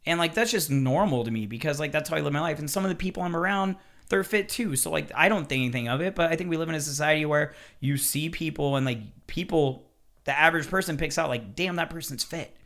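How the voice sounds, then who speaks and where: A man who works as a chef, talking casually on a podcast, telling animated stories with swearing and acted-out quotes. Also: a little high, quick pace, creaky.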